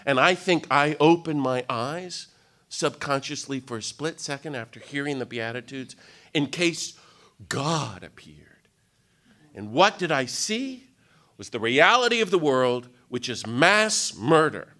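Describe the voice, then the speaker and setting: Animated man telling a story to an audience. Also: fairly high pitch, measured pace. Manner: animated storyteller, self-mocking humor. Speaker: speaker at a retreat day. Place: meeting room with live audience.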